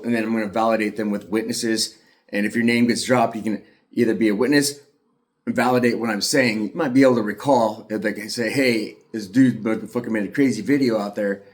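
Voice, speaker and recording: Brief: middle-aged man, emphatic and angry, swearing often, mid-pitched voice, speaking straight to the viewer. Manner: profane, agitated, emphatic. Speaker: aggrieved father telling his story. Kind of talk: angry monologue to camera.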